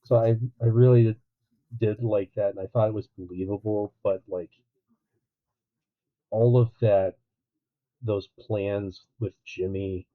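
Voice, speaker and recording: A man co-hosting a podcast, chatting casually about a film, animated and acting out quotes with a laugh. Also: on the low side. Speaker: podcast co-host. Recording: tinny phone-like line.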